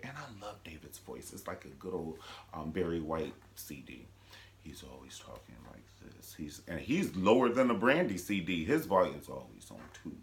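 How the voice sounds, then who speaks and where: A man from Cleveland, Ohio, recapping a TV drama in a casual, gossipy vlog with dramatic asides. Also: a bass voice. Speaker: TV show reviewer.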